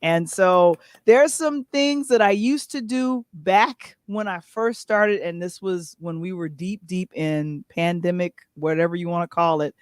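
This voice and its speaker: A woman hosting a casual live stream, chatty and excitable, laughing often. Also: on the low side, unhurried, few pauses, clear, resonant tone, dry recording, studio quality. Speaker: host.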